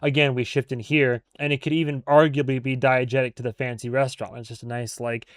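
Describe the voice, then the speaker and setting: A man with a smooth, resonant voice talks through a TV episode in loose, rambling commentary. He trips over his words, restarts his sentences and laughs as he goes. The recording is close and completely dry. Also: mid-range voice, level tone, fast, no room sound. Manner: rambling, self-correcting, laughs often. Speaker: reaction video host.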